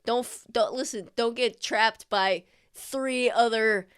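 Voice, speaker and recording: A woman's voice: a little high, steady tone, slow pace, clean tone. A woman narrating a tabletop game as game master. She rambles, breaks off mid-sentence and puts on voices for the characters.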